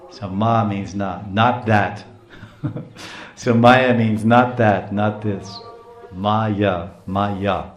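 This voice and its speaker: Male preacher, storytelling lecture, laughs often, explains words, roomy echo. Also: lowish voice. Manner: animated, chuckling, explains terms.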